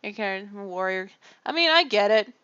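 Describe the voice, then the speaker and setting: A woman's voice: mid-range voice, animated, brisk, fairly bright tone, clear, resonant tone, no room sound. A woman from Canada chatting casually on a livestream, rambling and self-deprecating and often laughing. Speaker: streamer. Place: home room. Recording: muffled lo-fi mic.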